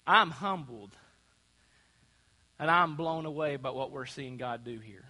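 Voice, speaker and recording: A man's voice: medium pitch, measured pace, pushed and bright. A man preaching a sermon in a church, asking the congregation to call out answers. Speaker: pastor. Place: church sanctuary. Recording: long church hall reverb.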